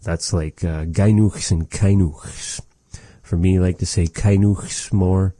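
A man teaching vocabulary in a language lesson, explaining words slowly and patiently and repeating each one after the recorded speakers. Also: low-pitched, steady tone, dark tone, dry recording.

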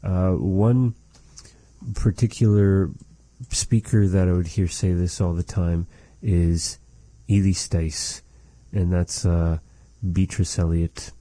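A man's voice: low voice, fairly even intonation, mellow, no echo. A man teaching phrases of a language in a patient, repetitive lesson. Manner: slow, patient, repeats phrases for practice.

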